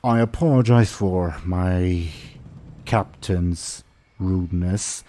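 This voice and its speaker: A man's voice: deep voice, warm tone. A man playing a dignified, honorable orc captain. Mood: formal calm. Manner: formal, measured. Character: dignified male orc, former ship captain, calm and honorable. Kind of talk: tabletop game role-play.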